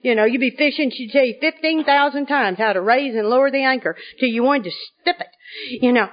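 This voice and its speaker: A high-pitched woman tells a humorous personal story to a live audience. She has a lively, comic delivery and often laughs as she talks. The sound is dull and lo-fi, like an old conference tape. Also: a little fast. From Arkansas. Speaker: speaker at a recovery conference.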